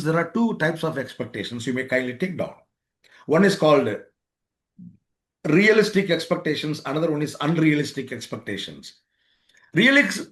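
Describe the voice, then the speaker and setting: Higher-voiced man lecturing on a webinar. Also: fairly bright tone. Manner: repetitive, acts out both sides of everyday exchanges. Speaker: webinar speaker on life skills. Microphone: remote webinar microphone.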